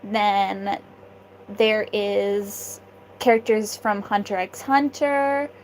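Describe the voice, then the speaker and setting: A woman's voice: mid-range voice, fairly even intonation, extremely slow, slight background noise, low-quality recording. A young woman streaming live, chatting with viewers in an offhand way and laughing often. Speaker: livestreamer. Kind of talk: casual livestream chat.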